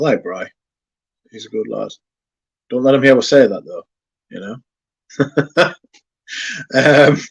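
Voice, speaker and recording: A man hosting a fragrance livestream, chatting casually and reading viewer comments aloud in a relaxed, chatty way. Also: medium pitch, dry recording. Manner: relaxed, chatty, yawning now and then.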